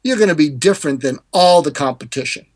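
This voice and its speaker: An older man, a hostage negotiator and author, explaining communication techniques in a podcast interview and acting out quoted lines. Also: fast. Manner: animated, acts out quoted dialogue with pitch jumps.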